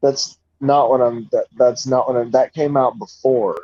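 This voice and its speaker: Mellow man on a dull, lo-fi mic. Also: mid-range voice, fairly even intonation, normal speed, no echo. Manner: laid-back, brief replies, stumbles when making a point. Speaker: podcast co-host. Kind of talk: casual chat about video games. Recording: dull, lo-fi mic with faint background noise and keyboard typing.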